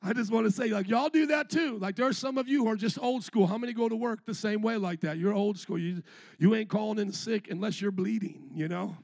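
High-pitched gravelly pastor guy preaching hard, voice getting hoarse, dry close sound. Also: fairly quick, no room sound. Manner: energetic, call-and-response preaching. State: voice going hoarse. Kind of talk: sermon.

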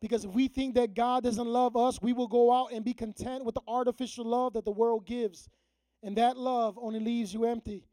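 A man preaching a sermon to a youth group, mixing slangy everyday talk with scripture and dropping to a hushed, prayerful tone. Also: very high-pitched, level tone, moderate pace, no echo, low-quality recording. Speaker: youth pastor.

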